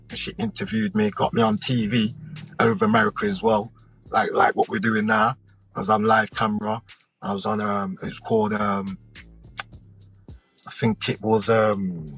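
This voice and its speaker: A man's voice: fairly low pitch, moderate pace, slightly rough. A British man, a hip hop artist, telling rambling stories in a casual interview and often checking in with the listener. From United Kingdom. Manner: rambling, animated storyteller who checks in with the listener. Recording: lo-fi recording with faint music behind.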